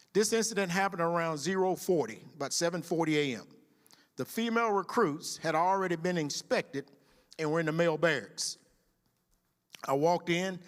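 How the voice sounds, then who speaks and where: Middle-aged sheriff, church reverb. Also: male voice, on the high side. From Mississippi. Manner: storytelling, dramatic shouted quotes. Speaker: sheriff giving testimony. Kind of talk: church testimony talk. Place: church sanctuary.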